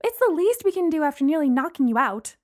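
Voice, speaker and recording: Woman narrator putting on a brash, excitable college girl, high and bright. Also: quick pace. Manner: loud, breezy, excitable. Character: bubbly reckless young woman at a party.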